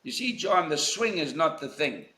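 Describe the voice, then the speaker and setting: A man's voice: fairly high pitch, very animated, normal speed, sharp tone, echoey room. An older man from South Africa, a golf legend being interviewed, telling anecdotes in a reflective, emphatic way. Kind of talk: conversational interview.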